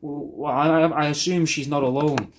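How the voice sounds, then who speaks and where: A man's voice: a little high, steady tone, moderate pace, a little hiss or hum. A man rambling through a personal video message, swearing a lot and often restarting his sentences. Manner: rambling, sweary, self-deprecating, with many restarts.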